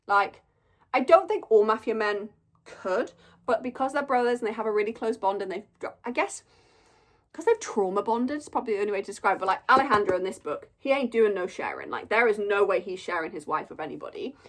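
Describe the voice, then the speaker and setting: A woman's voice: medium pitch, expressive, a little fast. A young woman chatting casually through a monthly reading wrap-up, gushing and storytelling with lots of "like". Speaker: book reviewer.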